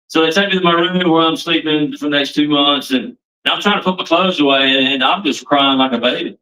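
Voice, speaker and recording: A man tells his personal testimony in a loose, rambling way, circling back and restarting his sentences. His voice is bright and a little forceful. He sounds set back from the microphone. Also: on the high side, fairly quick, few pauses, recorded from a distance, rough recording. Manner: rambling, restarts often, casual Southern phrasing. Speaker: testimony speaker.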